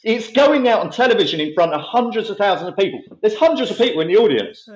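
A man's voice: sits high, expressive, lo-fi sound. Rambling man in a roomy room. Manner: rambling, halting, many restarts. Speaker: comedian guest. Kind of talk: casual chat.

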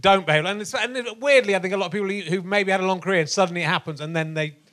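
Male host, bright high voice, dry teasing asides. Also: rapid-fire. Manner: wry, teasing interjections. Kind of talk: live comedy podcast interview.

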